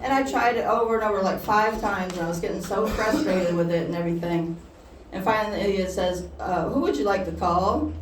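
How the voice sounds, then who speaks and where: Young woman, stand-up comedy, giggly halting delivery, roomy distant sound, faint background hum. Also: mid-range voice, fairly even intonation. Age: young adult. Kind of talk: stand-up comedy set at an open mic. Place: small shop hosting a comedy night.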